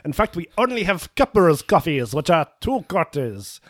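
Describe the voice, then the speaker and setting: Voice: mid-range voice, big pitch swings, moderate pace, no echo, studio quality, pitched below the performer's own voice. A performer doing a pompous fake-French waiter. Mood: indignant. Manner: pompous, officious. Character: snooty fake-French male café waiter. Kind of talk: improvised comedy sketch.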